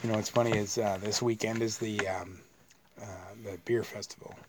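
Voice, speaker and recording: A man's voice: lowish voice, little pitch movement, normal speed, crowd noise. A man from Canada co-hosting a casual beer-tasting podcast, rambling and swearing easily. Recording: noisy home recording.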